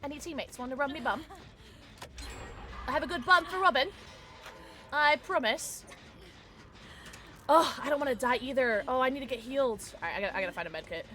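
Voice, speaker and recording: A woman livestreamer talks through her game in a high voice that swoops up and down. She is playful and easily excited, squealing and laughing as she plays. Music plays clearly behind her. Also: a little fast, long pauses. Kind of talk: live gaming commentary.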